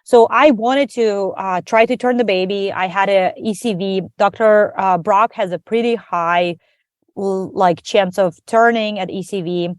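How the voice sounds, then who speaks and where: Woman guest recounting a personal story, lively and chatty, medium pitch, dry close sound. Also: a little slow, no echo. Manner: animated, acts out quoted dialogue. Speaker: podcast guest. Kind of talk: conversational storytelling.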